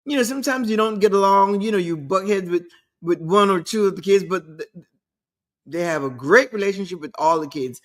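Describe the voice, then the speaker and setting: A woman's voice: medium pitch, a little fast. A woman hosting a talk show, giving an emphatic motivational monologue and repeating her key points.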